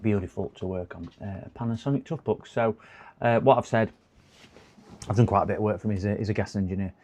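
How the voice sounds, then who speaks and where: A man's voice: on the low side, fast, darkish tone, a little hiss or hum. A man, chatting casually on a live stream while repairing computers, rambling and laughing to himself.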